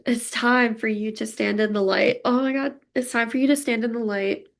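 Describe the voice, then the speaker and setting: A woman's voice: on the high side, steady tone, normal speed, gravelly. A young woman giving a pick-a-card tarot reading, emotional and gushing as she talks straight to her viewers. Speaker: tarot reader.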